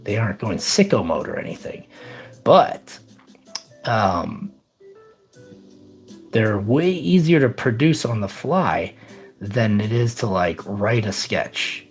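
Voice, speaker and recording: A man's voice: lowish voice, sing-song, slow pace, long pauses, faint music behind. A man casually chatting on his live stream, rambling upbeat as he reads out chat.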